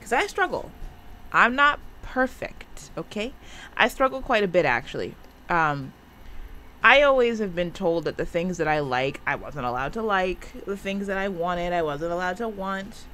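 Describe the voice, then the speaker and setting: A woman's voice: on the low side, normal speed, fairly bright tone. A woman giving casual, chatty gameplay commentary from her room at home, swearing freely. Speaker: gaming video creator.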